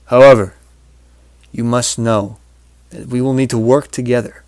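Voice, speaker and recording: A man's voice: mid-range voice, steady tone, a little slow, a little mellow, no echo, close to an everyday voice. A man voicing an upright talking male dog who speaks in solemn, commanding pronouncements.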